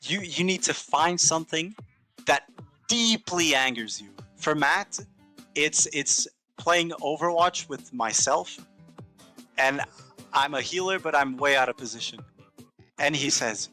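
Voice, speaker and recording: Playful male co-caster from Portugal, British-sounding accent, slightly high bright voice over faint music. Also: animated, a little slow. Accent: British-sounding English. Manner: playful, bantering. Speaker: esports co-commentator. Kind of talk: live esports commentary.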